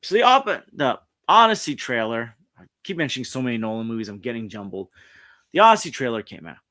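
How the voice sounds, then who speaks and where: A man's voice: mid-range voice, very animated, fairly quick, sharp tone. A man hosting a casual pop culture stream, reading articles aloud and rambling with frequent restarts. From New York. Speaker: streamer host. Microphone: streaming setup mic.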